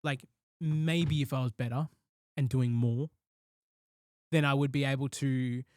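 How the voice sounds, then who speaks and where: Working through ideas out loud, a man chats casually on his podcast, rambling and dropping the occasional light swear; he's a host and comedian. He speaks at a measured pace in a medium, mid-range pitch with fairly even intonation, captured close and dry without any room sound.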